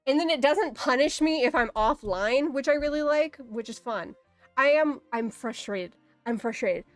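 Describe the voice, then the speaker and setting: A woman's voice: high-pitched, moderate pace, no echo, faint music behind. A woman livestreaming in casual, rambling chat, swearing easily and saying "like" a lot.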